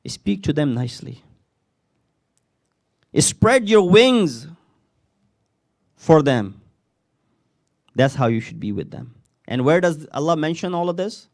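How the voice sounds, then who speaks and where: Male preacher, lively and slightly high, dry close sound, recites Arabic, acts out dialogue. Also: normal speed, creaky, dry recording. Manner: rises sharply in pitch for rhetorical questions. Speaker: speaker at a Muharram majlis. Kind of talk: sermon.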